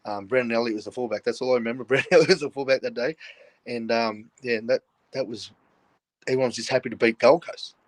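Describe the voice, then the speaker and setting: A man's voice: mid-range voice, fairly even intonation, fast talker, no echo. An older Australian man spins yarns in a blunt, blokey way and keeps breaking into laughter. His voice sits mid-range and sounds dry and close, with no room around it. He joins the chat over a video call. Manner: laughs often while telling stories, blokey and frank. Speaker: guest, former rugby league player. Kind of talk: casual storytelling chat.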